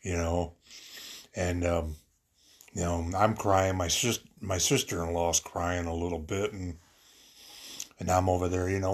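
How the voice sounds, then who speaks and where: A man's voice: deep voice, little pitch movement, a little slow, long pauses. A man telling a personal story about his family in a rambling, earnest way, full of fillers and restarts.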